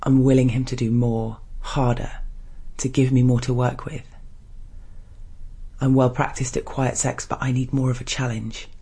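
A man reading a first-person erotic story aloud in a soft, hushed, restrained way. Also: mid-range voice, flat delivery, moderate pace, breathy edge. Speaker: story narrator.

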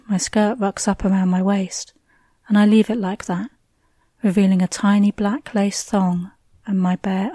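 Hushed woman reading intimately. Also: mid-range voice, no room sound. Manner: soft, hushed, drifting into breathy whispers. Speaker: narrator. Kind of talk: intimate first-person story reading.

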